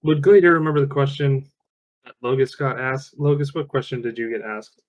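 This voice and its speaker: A man's voice: medium pitch, fairly even intonation, fairly quick, highs cut off. A man playing a tabletop role-playing game, talking casually, thinking aloud and swearing when things go wrong.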